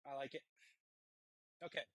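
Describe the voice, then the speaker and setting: A man hosting a live stream from his smithy, chatting casually and rambling with pauses and fillers while he works on a blade. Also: bright, forceful tone, no echo, low-quality recording. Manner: rambling, thinking aloud between tasks, halting with fillers. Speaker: blacksmith livestream host. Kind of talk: casual chat while forging. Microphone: wireless transmitter mic.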